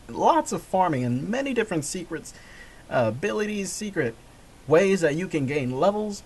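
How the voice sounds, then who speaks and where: Animated, chuckling male gaming vlogger. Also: on the high side, normal speed. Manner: rambling, chuckling, self-correcting. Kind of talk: casual monologue.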